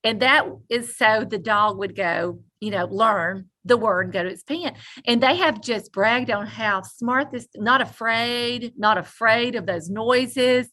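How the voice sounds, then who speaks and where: A woman co-hosting a podcast, telling a story in animated casual chat and laughing often. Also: on the high side, unhurried, few pauses. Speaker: podcast co-host.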